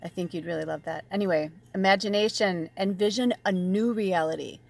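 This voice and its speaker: A woman giving a casual spiritual tarot reading, chatty and animated, swearing freely and dropping at times to a soft near-whisper. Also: lowish voice, a little fast, creaky. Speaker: tarot reader and medium.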